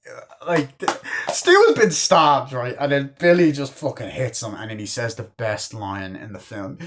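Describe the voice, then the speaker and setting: A man's voice: medium pitch, sing-song, normal speed, slight background noise. Rambling, profane young-sounding man reviewing films. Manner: rambling, profane, lots of fillers like "you know" and "like"; enthusiastic fan. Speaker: movie reviewer. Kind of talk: casual spoken film review.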